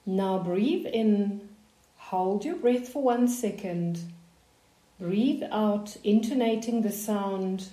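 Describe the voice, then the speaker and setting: A woman leading a voice warm-up lesson, giving slow, calm, soothing breathing guidance. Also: medium pitch, roomy sound. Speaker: voice coach. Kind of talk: guided voice warm-up instruction.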